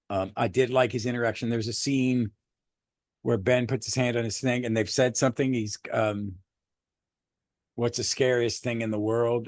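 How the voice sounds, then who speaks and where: A man co-hosting a podcast, chatting casually about a superhero movie, rambling and swearing freely with animated bursts. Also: mid-range voice, no echo, studio quality. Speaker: podcast co-host. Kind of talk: casual movie review chat.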